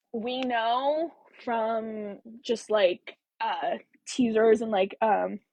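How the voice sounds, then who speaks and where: A woman's voice: fairly high pitch, a little mellow, no room sound, rough recording. A woman hosting a casual book club livestream, chatting animatedly and answering viewer comments.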